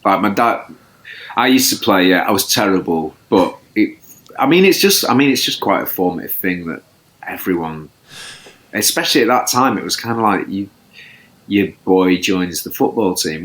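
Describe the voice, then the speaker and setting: A man's voice: lowish voice, animated, moderate pace, fairly bright tone. A man, a podcast guest chatting casually, rambling and self-deprecating with many restarts. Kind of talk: casual chat.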